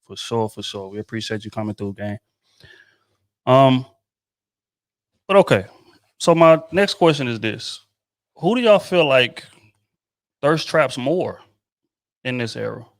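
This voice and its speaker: A man's voice: medium pitch, lively intonation, unhurried, pauses often, no room sound, studio quality. Casual man hosting a group chat. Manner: asks questions, hedges carefully with restarts. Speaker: podcast host.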